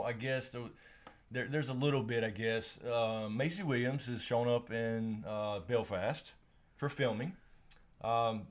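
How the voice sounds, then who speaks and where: A man hosting a casual live stream, rambling with lots of fillers and restarts, laughing often, and reading out viewer names and questions. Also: medium pitch.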